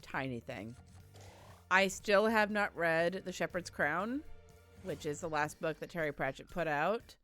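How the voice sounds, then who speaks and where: A woman's voice: on the low side, expressive, unhurried, fairly bright tone, faint music behind. A woman streaming a game live, chatting in a rambling, heartfelt way and greeting viewers effusively. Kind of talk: casual live-stream chat.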